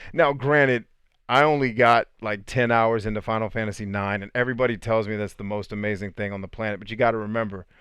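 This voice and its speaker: A man hosting a casual livestream, chatting with viewers in an animated, joking way and swearing freely. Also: on the low side, clear, resonant tone, no room sound, clean studio sound. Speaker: podcast host answering live chat.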